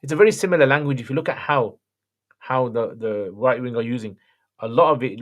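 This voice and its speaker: A man hosting a livestream and answering viewer questions in a relaxed, chatty way. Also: mid-range voice. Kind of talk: casual chat.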